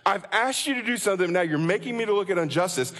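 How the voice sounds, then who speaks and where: A male pastor preaches a passionate sermon, acting out anguished prayers to God in an impassioned way. His voice is high-pitched, expressive, quick and a bit bright, with long church reverb on the recording.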